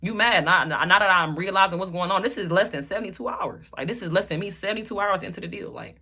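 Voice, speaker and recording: A rapper tells a personal story to the camera, emotional and rambling, packing nearly every phrase with "like." The voice is husky and medium-pitched with a sharp tone. Lines get repeated, and at times the delivery feels rushed.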